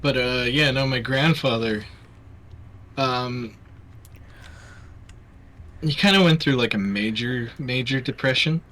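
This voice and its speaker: A man's voice: mid-range voice, slow, pauses often, a bit bright. A young man from Canada, his accent mostly Americanized, chatting casually on a livestream and rambling with many fillers and restarts. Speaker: livestream host. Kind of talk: casual chat.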